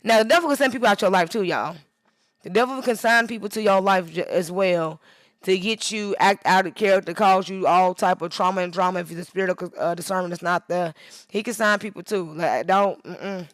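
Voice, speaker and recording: A woman's voice: medium pitch, brisk, no echo, clean studio sound. A woman photographer talking casually on a livestream while she edits, rambling and emphatic, drifting into preachy asides, sounding worn out. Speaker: photographer livestreaming her editing.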